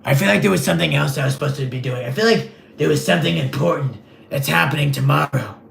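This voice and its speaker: A man playing a vain, clueless rich male superhero in a comedic livestream sketch, rambling in a deadpan, gravelly voice. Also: on the high side, fast talker, slight background noise. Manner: rambling, deadpan, self-absorbed.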